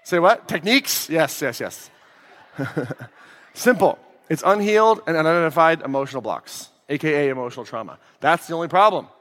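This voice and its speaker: A man giving a lively seminar talk as a life coach, putting questions to the audience. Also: a little high, normal speed. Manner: energetic, asks the crowd questions. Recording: echoey hall.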